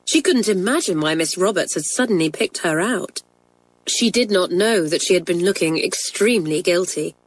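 A woman narrating a children's story in a measured, expressive reading voice. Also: fairly low pitch, dry recording, poor audio.

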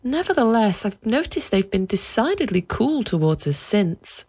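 A woman voicing an anxious middle-aged mother in a storybook reading, a little higher than her own voice. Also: big pitch swings, moderate pace, a little mellow, slightly rough. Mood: uneasy.

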